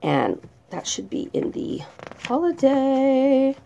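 A woman's voice: medium pitch, animated, measured pace, a little mellow, dull audio, slight background noise. A woman vlogger chatting casually about her favorite products and reading their descriptions aloud. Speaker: vlogger reviewing home fragrance products. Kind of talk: casual chat.

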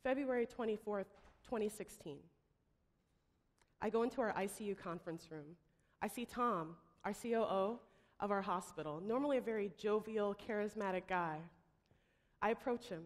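Woman telling a story in a hall. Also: medium pitch. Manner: dramatic storytelling, acting out quoted voices. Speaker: startup founder pitching. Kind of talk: pitch speech storytelling. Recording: long hall reverb.

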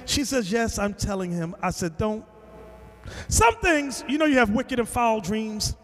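A man preaching to a class, telling a story with lively acted-out quotes and bursts of shouting. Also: high-pitched, a little slow, big-room sound. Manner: animated storytelling, acting out quotes, shouting at times. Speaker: teacher. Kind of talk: sermon.

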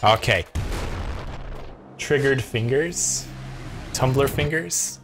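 A man casually commenting on a co-op game while streaming, jokey and swearing, with sudden excited yells. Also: mid-range voice, drawn-out words. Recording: game music and gunfire underneath. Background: game music and gunfire.

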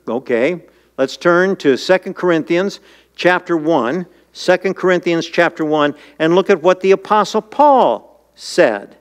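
A man's voice: lively intonation, unhurried. A man preaching a sermon as pastor, reading scripture and asking the congregation questions in an earnest manner. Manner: voice jumps high and urgent when paraphrasing scripture. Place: church.

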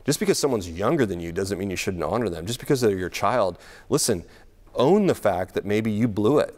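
A man's voice: on the low side, animated, a little fast, a little mellow. A middle-aged man preaching a sermon in a church, conversational, laughing often and repeating words as he thinks. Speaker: pastor.

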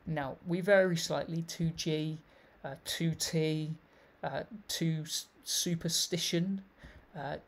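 A man's voice: on the high side, steady tone, slow pace, few pauses. A man giving an explanatory video lecture, reading passages aloud and commenting on them as he goes. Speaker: literary researcher presenting a thesis.

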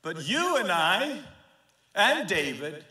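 A man pastor preaching an impassioned sermon, swinging between hushed and fervent passages. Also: high voice, sing-song, takes it slowly. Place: church sanctuary. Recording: echoey church sanctuary.

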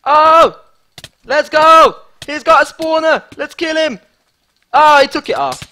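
Hyped high-voiced male gamer. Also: slow, slight background noise. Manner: excitable, hyped, repeats phrases. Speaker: gaming YouTuber. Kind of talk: live gameplay commentary.

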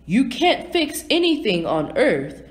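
A steady, reassuring storybook superhero who speaks low and evenly, as a woman reading aloud puts him on. He talks slowly and deliberately. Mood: calm. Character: calm, steady male superhero.

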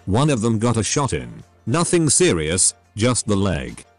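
Brief: wounded desperate male runner from a storybook, read flatly by a synthetic male voice, low-pitched, faint music underneath. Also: measured pace, no echo. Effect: synthetic text-to-speech voice.

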